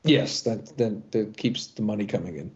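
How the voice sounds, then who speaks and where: A man's voice: on the low side, moderate pace, lo-fi sound. A middle-aged man, a voice actor guest, telling stories animatedly with frequent restarts. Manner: animated storyteller with many restarts. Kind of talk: interview chat.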